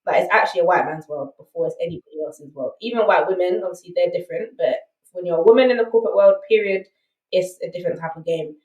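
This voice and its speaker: A woman's voice: lowish voice, fast talker, reverberant, recorded from a distance, dull audio. A woman with a South London accent, a podcast guest telling her story candidly and emphatically, often checking in with "right?". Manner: emphatic, rhetorical asides like "right?".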